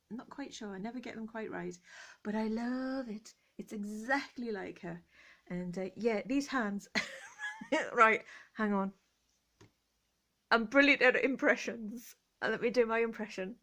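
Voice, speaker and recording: A woman's voice: fairly high pitch, a bit bright. Giggly English woman chatting at home. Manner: giggly, jokey and self-mocking. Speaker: vintage collector vlogger. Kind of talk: relaxed chatty vlog. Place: cosy room at home, indoors.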